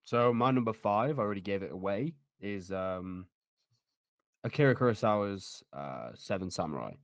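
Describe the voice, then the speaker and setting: A man's voice: fairly low pitch, expressive, normal speed, dry recording. Scattered, swearing podcast guy. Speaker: podcast co-host. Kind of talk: casual movie-ranking chat.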